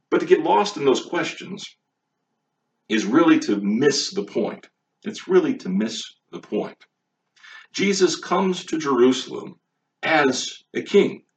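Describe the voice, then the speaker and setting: A man preaching a sermon, emphatic and full of rhetorical questions, recorded on a distant mic with a dull, lo-fi sound. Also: on the low side. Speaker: pastor.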